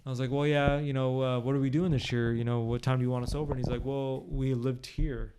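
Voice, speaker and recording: A man's voice: medium pitch, level tone, racing, darkish tone, clear, resonant tone. Male podcast guest, candid storyteller, profane and blunt, recorded at home. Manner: blunt and profane, with many fillers. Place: living room of his home.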